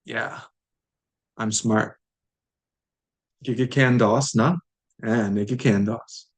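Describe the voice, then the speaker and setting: A man's voice: medium pitch, fairly even intonation, very slow. A man teaching a language lesson, saying each word aloud and repeating it patiently for learners.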